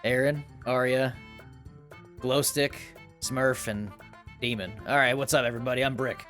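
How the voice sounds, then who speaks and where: A man voicing a crazed, hot-tempered one-eyed gunman who swears and yells in fits of rage. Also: medium pitch, steady tone, normal speed, faint music behind, lightly acted. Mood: friendly.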